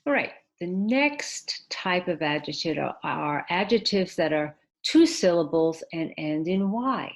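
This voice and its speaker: A woman teaching English in a recorded video lesson, patiently explaining step by step, spelling out letters, with hesitant pauses and restarts. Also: fairly low pitch, expressive. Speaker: ESL teacher.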